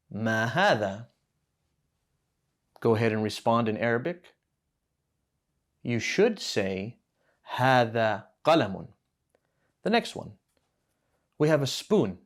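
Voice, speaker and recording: Casual male Arabic teacher. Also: mid-range voice. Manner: casual, explains step by step and quizzes the listener, self-corrects. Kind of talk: relaxed spoken lesson.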